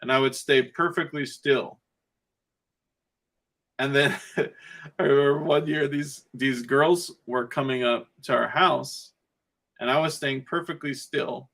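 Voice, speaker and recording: Male podcast guest, mid-pitched gravelly voice, casual rambling storyteller who chuckles a lot. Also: a bit bright. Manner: rambling storytelling, laughs often between phrases. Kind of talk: casual chat.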